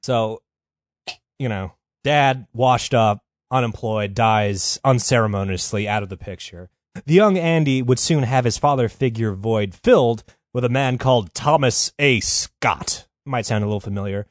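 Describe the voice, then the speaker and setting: A man's voice: medium pitch, a little slow, dry recording, clean studio sound. Profane rambling male storyteller. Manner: rambling, profane, lots of fillers like "you know". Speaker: podcast host telling a history story. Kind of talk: casual comedic storytelling.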